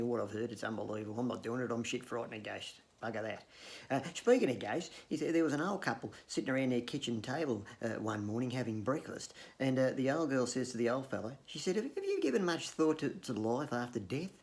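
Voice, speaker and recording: Australian bloke, gravelly, profane joke-spinner who laughs at himself. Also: male voice, medium pitch, lively intonation, fast, a little mellow. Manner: profane, joking, laughs at his own gags; hesitant fillers and restarts. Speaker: comedic vlogger. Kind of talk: rambling yarn-telling to camera.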